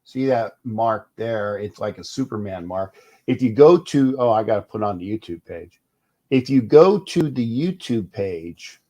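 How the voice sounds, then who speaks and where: A middle-aged man hosting a casual fan live stream, rambling and animated, reading viewer comments aloud between restarts. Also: mid-range voice, normal speed. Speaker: host of a fan live show.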